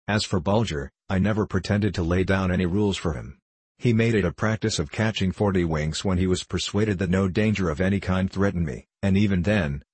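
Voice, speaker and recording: A man narrating an old-fashioned adventure novel with measured, even delivery. His voice is deep and husky, recorded dry and close with no room sound. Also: dry recording. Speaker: audiobook narrator. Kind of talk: scripted narration of a classic novel.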